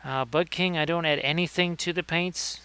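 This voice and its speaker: A man's voice: on the high side, fairly even intonation, moderate pace, bright, forceful tone, clean tone. A man hosting a casual livestream painting tutorial, chatting with viewers by name between painting tips. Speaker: miniature painting streamer.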